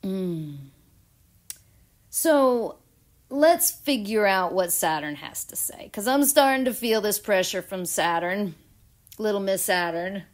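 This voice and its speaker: A woman's voice: mid-range voice, expressive, unhurried. A woman vlogging a casual astrology and tarot reading, giggly and dramatic.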